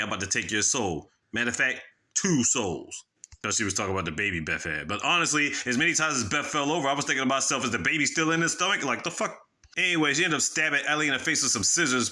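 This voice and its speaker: A man's voice: mid-range voice, pushed and bright. A man casually retelling a horror movie plot, profane and rambling, acting out the characters' reactions. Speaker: movie reviewer. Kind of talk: casual spoiler recap.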